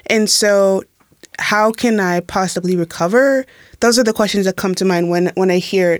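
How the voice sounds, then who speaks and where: A woman's voice: mid-range voice, normal speed, no room sound, studio quality. A young woman from Tacoma, a guest in a roundtable, speaking earnestly and posing questions to herself as she reasons. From Tacoma, United States. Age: young adult. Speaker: alumna guest. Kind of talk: reflective roundtable conversation.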